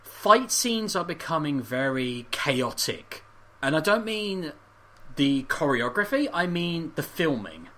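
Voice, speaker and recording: Lively, bright-voiced man chatting on a podcast. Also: fairly high pitch, takes it slowly. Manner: animated, swears freely, laughs often. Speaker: podcast co-host. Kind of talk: casual chat.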